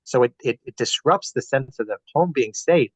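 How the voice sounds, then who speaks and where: A man's voice: mid-range voice, lively intonation, moderate pace, slightly rough, dry recording. A man speaking earnestly as a guest on a webinar, advising parents on family values. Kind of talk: webinar talk. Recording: dull, dry webinar audio.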